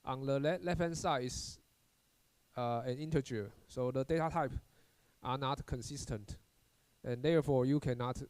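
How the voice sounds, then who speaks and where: A man teaching a recorded university programming lecture, halting as he explains, often repeating words and restarting with "uh" fillers. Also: mid-range voice, darkish tone, clear, resonant tone, dry recording.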